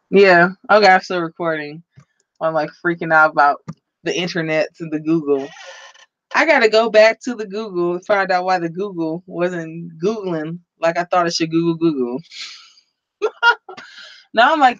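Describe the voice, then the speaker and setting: A woman's voice: low voice, no echo, dull audio. A woman chatting on a live stream in a rambling, flustered way, often laughing at herself. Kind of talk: casual live-stream chat. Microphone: computer microphone.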